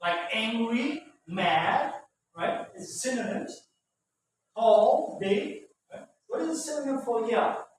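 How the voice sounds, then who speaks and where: A male English teacher with a high voice, speaking slowly and patiently to his class. He keeps checking understanding with a questioning "right?". The sound is very echoey and distant, with faint background noise. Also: lively intonation. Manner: patient, repetitive, ends phrases with "right?". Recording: very echoey room, far from mic, faint noise.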